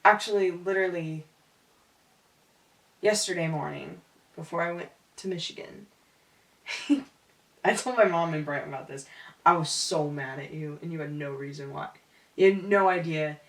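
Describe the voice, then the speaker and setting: Young female co-host, slang-heavy and giggly, low voice, distant roomy mic. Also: moderate pace, pauses often. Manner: laughs often, slangy and candid. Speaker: podcast co-host. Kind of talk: casual chat. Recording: echoey room, far from mic.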